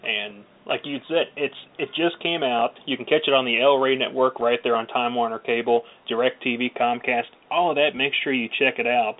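A man's voice: medium pitch, moderate pace, few pauses. A man co-hosting a radio show in an easygoing, promotional way. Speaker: radio co-host. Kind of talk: casual radio talk, plugging the show. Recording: phone-like radio audio.

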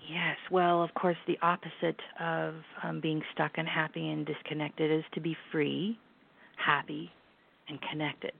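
Middle-aged woman, low and gravelly, earnest guest chat, tinny phone sound. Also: little pitch movement, measured pace. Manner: earnest, reflective, with hesitant restarts. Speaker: guest, lifestyle brand founder. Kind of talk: casual interview chat.

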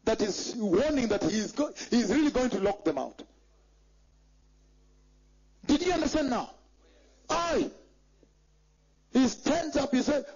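A man's voice: very high voice, very animated, a little slow, long pauses, a little mellow, husky. A man preaching a sermon in an emphatic way, repeating phrases and checking that the congregation follows. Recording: dull lo-fi recording.

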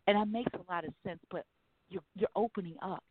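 A woman hosting a casual talk radio show, speaking frankly and profanely with animated storytelling. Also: mid-range voice, fairly quick, slightly rough, no room sound. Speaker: host. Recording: dry phone-like line.

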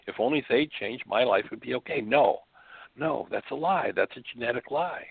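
This spiritual radio host speaks from his bedroom over a phone line, giving sincere teaching laced with rhetorical questions. His mid-range voice is expressive, gravelly and slightly rough, at a normal speed, and the call audio is dry.

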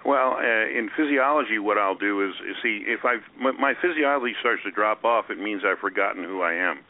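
A man who is a guest on a radio talk show, talking in an animated way and acting out the voices he quotes. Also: on the low side, a little fast. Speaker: guest speaker. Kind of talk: radio interview. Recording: tinny phone-line radio sound.

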